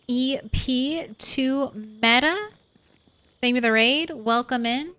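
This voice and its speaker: A woman's voice: high voice, takes it slowly, sharp tone, dry recording. A young woman streaming a zombie survival game, chatting casually with viewers and laughing often. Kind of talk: casual gameplay commentary.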